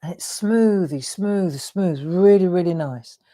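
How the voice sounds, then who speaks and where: A woman with a fairly low voice leads a relaxed drawing tutorial. She talks chattily as she works, with a self-deprecating humour. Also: slow. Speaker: craft demonstrator hosting a live stream.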